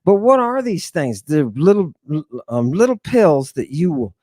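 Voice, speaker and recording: Lively, excitable male lecturer. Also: fairly high pitch, unhurried, no echo. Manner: excitable, emphatic, jokey and irreverent. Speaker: host lecturing on Greek word meanings. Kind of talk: animated lecture to an online audience.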